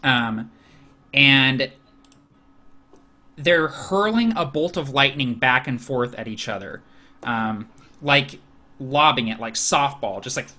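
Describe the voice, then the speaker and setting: A man's voice: mid-range voice, expressive, slow, long pauses, bright, forceful tone. A man narrating a tabletop game as game master, casual and full of fillers.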